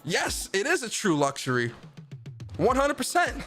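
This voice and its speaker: A man hosting a gaming livestream, chatting in a loose, slangy, animated way. His voice sits a bit on the high side, and faint music plays under him. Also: a little slow. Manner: slangy and animated, reads out chat comments. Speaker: host of a gaming news stream. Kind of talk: casual livestream chat.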